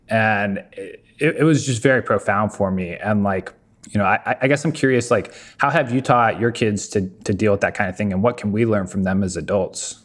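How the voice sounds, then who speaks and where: A man with a fairly low voice hosts a relaxed conversation, wandering through an anecdote before getting to his question. He speaks easily, thoughtfully, as if among friends. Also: moderate pace. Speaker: podcast host. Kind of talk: casual interview chat.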